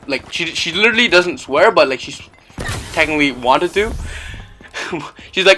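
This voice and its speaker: A man's voice: fairly high pitch, animated, normal speed, long pauses, sharp tone, slight background noise. A young man telling a story in a casual, rambling way, full of 'like' and 'you know'. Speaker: vlogger. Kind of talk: casual story-time chat.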